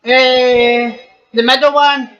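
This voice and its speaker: A woman with a high voice hosts a game playthrough, chatting slowly and giggling often between lines. The recording is dull and lo-fi, with faint game music underneath. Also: little pitch movement, a bit bright. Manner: giggly, laughs often, loose banter. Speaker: gaming channel host. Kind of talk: casual let's-play chat.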